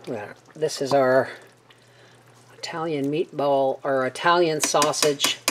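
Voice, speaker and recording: A woman's voice: low voice, a little hiss or hum. A middle-aged woman chatting casually to viewers as she cooks in her home kitchen. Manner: chatty and homey, talking to viewers while cooking. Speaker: homestead cooking vlogger. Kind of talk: casual cooking narration.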